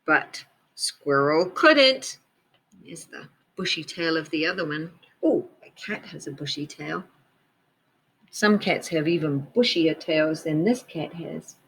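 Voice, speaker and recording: A woman teacher reading a picture book aloud to children, gently pointing out details in the pictures as she goes. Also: sits low, unhurried, a little hiss or hum, rough recording.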